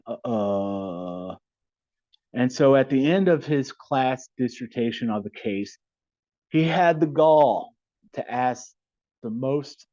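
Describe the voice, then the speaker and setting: A middle-aged man, a maritime attorney and podcast guest, telling blunt, animated stories in casual conversation. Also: mid-range voice, no room sound. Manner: blunt, animated anecdote teller. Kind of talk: casual storytelling interview. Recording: dull, slightly lo-fi dry sound.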